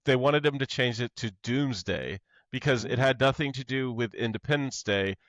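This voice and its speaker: A man co-hosting a podcast, chatting casually and excitably about a film, sharing trivia and swearing now and then. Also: mid-range voice, normal speed, dry recording. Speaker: podcast co-host. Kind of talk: casual movie chat.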